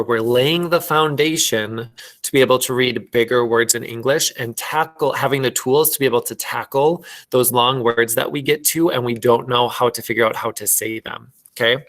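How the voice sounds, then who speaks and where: A man's voice: medium pitch, fairly bright tone. A man with a Minnesotan accent, teaching fourth graders an online class and patiently sounding out words. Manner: slow, patient, sounding out phonics.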